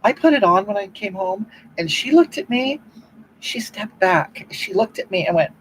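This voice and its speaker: Someone doing a rambling older woman streamer, self-righteous, lively swooping pitch, mid-range voice, comedic improvised monologue. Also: moderate pace, slight background noise, natural voice, low-quality recording. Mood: gushing. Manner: rambling, keeps repeating "you know what?", swoops up and down in pitch. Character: older woman livestreamer, self-righteous, preachy about love. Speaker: livestream host reading chat comments.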